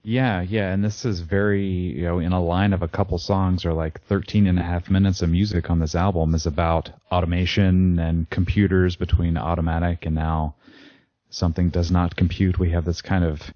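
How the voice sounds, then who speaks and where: A man with a very low, dark voice joins a podcast as a guest and talks in a relaxed, agreeable way. The recording is dry, with no room sound, and a bit lo-fi. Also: moderate pace, dry recording. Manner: relaxed, agreeable, chuckles often. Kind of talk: casual podcast discussion.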